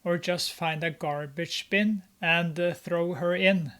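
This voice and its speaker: A man's voice: a little high, steady tone, slow, bright, forceful tone, clear, resonant tone. A man giving casual, mocking commentary on a film, with sarcastic remarks and many "uh" fillers. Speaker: movie reviewer.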